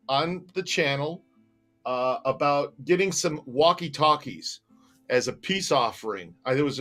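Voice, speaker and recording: A male host of a casual livestream reads viewer comments aloud and chats about them in a relaxed way. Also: mid-range voice.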